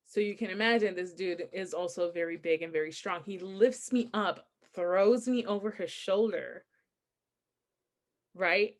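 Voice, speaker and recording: A young adult woman in relaxed conversation with a friend. She tells stories with energy, laughing often and acting out what people said. Her voice jumps up for punchlines and drops low for confessions. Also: a little slow. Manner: animated storytelling, laughs often, acts out quotes. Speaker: podcast co-host. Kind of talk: casual chat.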